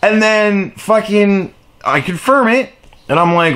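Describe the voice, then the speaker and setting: A young man ranting casually to his camera, profane and animated, recorded on the camera's own mic. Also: high-pitched, a little slow. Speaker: vlogger.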